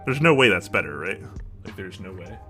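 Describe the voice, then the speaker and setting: A man's voice: low voice, big pitch swings, brisk, a bit bright, soft background music. A man hosting a live stream in casual chat, thinking aloud and asking viewers for their opinions with frequent restarts. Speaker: livestream host.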